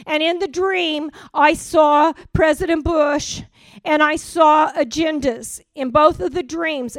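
A woman preaching, telling a spiritual testimony in an earnest storytelling way, sometimes trailing off quietly. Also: high-pitched, no room sound. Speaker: prophetic speaker. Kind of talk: sermon testimony.

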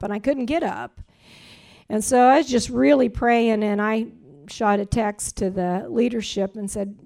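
A middle-aged woman giving a heartfelt church testimony and spoken prayer, earnest and rambling, growing animated as she gives thanks. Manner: earnest, rambling, grows animated and rises in pitch when praising.

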